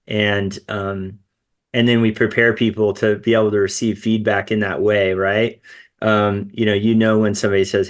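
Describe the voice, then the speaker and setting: A man's voice: fairly low pitch, little pitch movement, normal speed. A man talking in a podcast conversation, telling stories in an earnest, reflective way.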